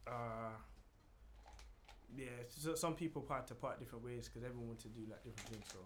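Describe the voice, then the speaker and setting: A young man co-hosting a casual studio podcast, animated and slangy, laughing along with the others. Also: medium pitch, fairly quick, a crowd in the background. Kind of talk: casual chat.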